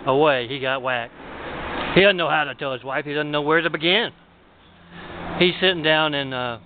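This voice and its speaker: A man's voice: medium pitch, noisy background. A man telling a joke as a loose, rambling story with asides and fillers. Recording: tinny phone-like audio.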